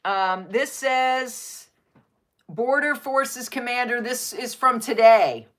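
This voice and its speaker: A woman with a slightly high, a bit bright voice speaks slowly while hosting a casual live stream. She reads news articles aloud and adds her own faith-based commentary, sometimes stopping to coo at her dogs.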